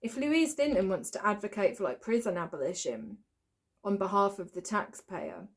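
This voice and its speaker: A woman's voice: medium pitch, animated, moderate pace, breathy edge. A woman hosting a reaction video, mocking a film with sarcastic, exasperated commentary and frequent swearing.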